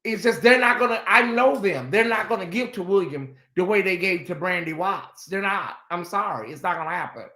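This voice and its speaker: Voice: medium pitch, expressive, fairly quick, few pauses, sharp tone, echoey room. Sassy, dramatic livestream host. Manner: dramatic, sassy, addresses the chat directly. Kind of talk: livestream chat commentary.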